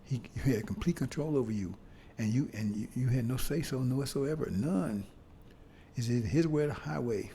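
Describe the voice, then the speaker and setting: A man preaching a sermon to brothers and sisters, talking in a loose, conversational way and often asking "see?" with halting restarts and bursts of emphasis. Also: mid-range voice, warm tone, slight background noise. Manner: conversational, repeats "see?" to the congregation.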